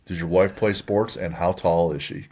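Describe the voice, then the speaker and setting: A man's voice: low-pitched, fairly even intonation, moderate pace, a little mellow. A man hosting a casual interview podcast, asking teasing, joking questions. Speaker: podcast host. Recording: slightly dull, lo-fi audio.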